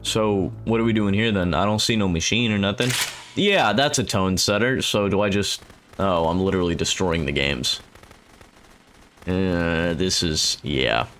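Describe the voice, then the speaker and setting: A man's voice: low voice, lively intonation, normal speed, fairly bright tone, a little hiss or hum. A young man casually commenting as he plays a game, joking, reacting aloud and slipping into silly voices. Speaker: gameplay streamer. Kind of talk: let's play commentary.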